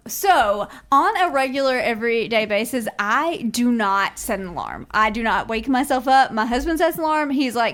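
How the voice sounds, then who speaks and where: An animated woman co-host tells a story in a fairly high voice. She keeps apologizing between the lively turns of her story. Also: moderate pace, few pauses. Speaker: podcast co-host. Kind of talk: casual group chat, storytelling.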